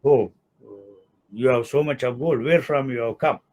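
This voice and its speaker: A skinny, starving male dog asks curious questions in an ordinary mid-pitched voice, as a man with an Indian English accent tells the joke. It stays close to the teller's own way of speaking. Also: moderate pace, a little mellow, close to an everyday voice.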